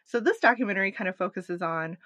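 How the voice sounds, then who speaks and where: A woman's voice: medium pitch, quick pace, no echo. Chatty woman podcast co-host. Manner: animated, recapping a documentary with asides. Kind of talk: casual chat.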